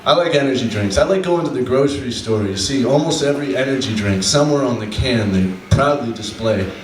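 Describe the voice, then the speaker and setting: A man doing a stand-up comedy set on a club stage, deadpan, slowing down for his punchlines. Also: mid-range voice, a little hiss or hum. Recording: echoey room from a distant mic, faint ambience.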